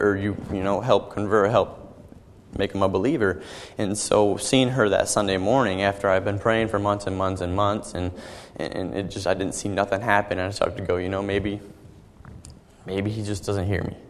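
A young man giving an earnest personal testimony as a sermon, halting and often repeating his words. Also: on the low side, steady tone, big-room sound, a little hiss or hum. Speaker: young preacher.

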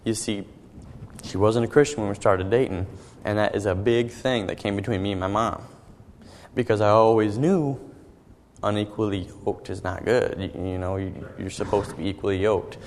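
A young man giving an earnest personal testimony as a sermon, halting and often repeating his words. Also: lowish voice, fairly even intonation, darkish tone, in a large hall, a little hiss or hum. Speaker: young preacher.

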